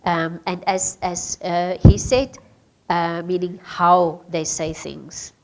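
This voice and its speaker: A woman's voice: lowish voice, steady tone, slow. A woman with a Namibian English accent leading a radio training workshop, asking the group questions, with hesitant fillers.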